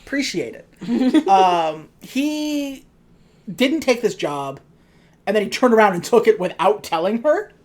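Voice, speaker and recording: Woman, podcast co-host, casual chat, dry sarcastic asides, mid-pitched. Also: sing-song, unhurried, darkish tone. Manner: recounts scenes by acting out quoted lines. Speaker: podcast co-host recapping a movie.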